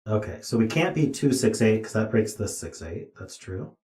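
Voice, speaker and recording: A man's voice: fairly low pitch, lively intonation, normal speed, mellow. A tired man streaming himself as he thinks aloud through a puzzle, muttering to himself with dry asides. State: tired, yawning. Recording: roomy echo.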